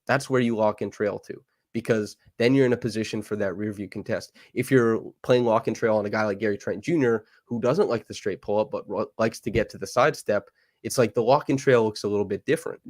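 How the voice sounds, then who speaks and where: Lower-voiced man breaking down basketball. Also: darkish tone, no echo. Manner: fast, enthusiastic breakdown with fillers. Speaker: podcast host. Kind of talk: casual basketball analysis chat.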